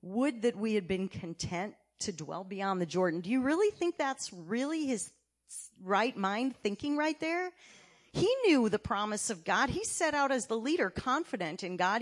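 A woman elder delivers a sermon with a fairly high voice. She swings between loud, forceful points and quiet, low passages, and keeps asking her listeners questions. She is speaking in a church sanctuary. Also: animated, normal speed.

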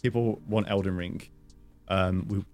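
Low-voiced podcast host. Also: male voice, steady tone, measured pace, a little mellow. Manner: rambling with many fillers, teasing. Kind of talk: casual podcast chat.

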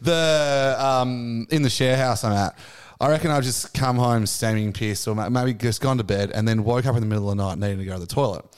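Young bloke, podcast co-host, casual rambling storyteller who laughs easily. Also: male voice, medium pitch, a little fast, hardly any pauses, clean tone. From Australia. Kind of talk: casual chat.

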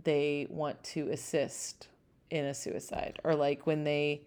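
A woman's voice: low-pitched, level tone, takes it slowly, a little mellow, smooth. A young adult woman co-hosting a casual podcast chat. She talks in a rambling, hedging way, with a lot of fillers. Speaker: podcast co-host.

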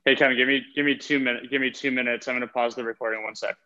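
Bright-voiced man host, slightly muffled. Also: mid-range voice, fairly even intonation, very fast. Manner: brief, easygoing reactions and asides. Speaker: podcast host. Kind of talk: casual conversation.

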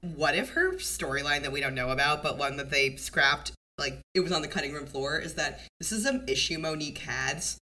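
A woman's voice: sits low, a little fast, few pauses. A young woman co-hosting a podcast, recapping a TV episode in casual chat and acting out the characters' lines. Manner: animated, acts out characters in quotes. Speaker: podcast co-host.

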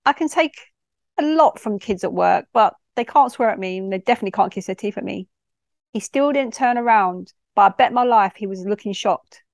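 A woman's voice: mid-range voice, expressive, brisk, creaky, no room sound, studio quality. A woman, a youth worker reading a personal story in a direct, no-nonsense way. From London.

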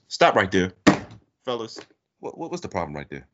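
A man hosting a podcast comedy segment as a mock judge, playful and theatrical, jumping high for emphasis. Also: big pitch swings, normal speed, very noisy. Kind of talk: animated casual banter, mock courtroom bit. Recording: dull lo-fi audio.

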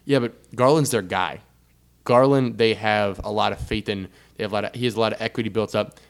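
A young man co-hosting a podcast, chatting casually about sports with an animated, joking manner and frequent asides. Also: fairly low pitch, a little fast, gravelly. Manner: animated, laughing, trailing off into asides. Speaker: podcast co-host.

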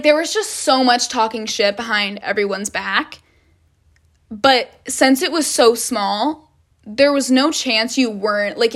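A woman's voice: on the high side, fairly bright tone. A young woman telling a casual storytime vlog, rambling with lots of "like" and frequent swearing. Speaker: vlogger.

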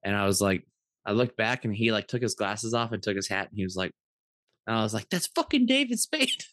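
Casting: low-pitched man, thirties, chatty podcast co-host, dry close sound. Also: brisk, dry recording. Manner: rambling, animated anecdotes with many fillers. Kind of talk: casual storytelling chat.

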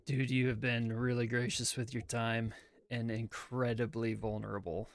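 A man hosting a podcast who chats in a relaxed, friendly way. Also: mid-range voice, normal speed. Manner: relaxed, friendly wrap-up with fillers. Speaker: podcast host. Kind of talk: casual chat.

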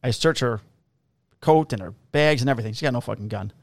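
A man's voice: medium pitch, quick pace, gravelly, no room sound. A man, a police officer, casually telling profane, laughing stories about his shifts. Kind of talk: casual storytelling on a podcast.

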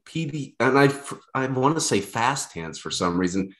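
A man's voice: medium pitch, animated, moderate pace, fairly bright tone. A young man co-hosting a podcast, talking in a casual, rambling, self-deprecating way with lots of restarts. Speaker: podcast co-host. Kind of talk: casual chat.

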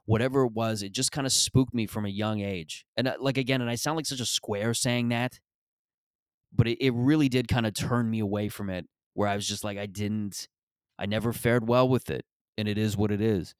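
Comedian host, man, lowish voice, dry close recording, rambling profane monologue. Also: steady tone, a little fast, clear, resonant tone, dry recording. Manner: rambling, profane, self-deprecating.

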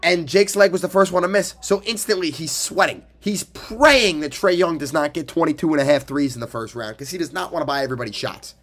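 Young man, college age, casual podcast chat, animated, teasing, swears. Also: on the high side, brisk, hardly any pauses. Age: young adult. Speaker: podcast co-host.

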